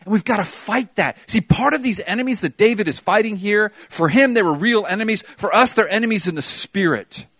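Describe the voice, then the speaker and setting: A middle-aged man delivers a sermon in a fairly high voice. He reads scripture with feeling and leans on repeated phrases. The recording is dry and close. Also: animated, fairly quick, few pauses, fairly bright tone, no echo. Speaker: pastor.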